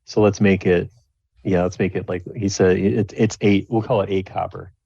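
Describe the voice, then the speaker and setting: A man's voice: low-pitched, flat delivery, normal speed, creaky, dark tone, slightly rough, no room sound. A man narrating as game master of a tabletop game, rambling with many restarts. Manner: rambling, full of restarts and fillers, slips into character voices. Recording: dull, lo-fi dry recording.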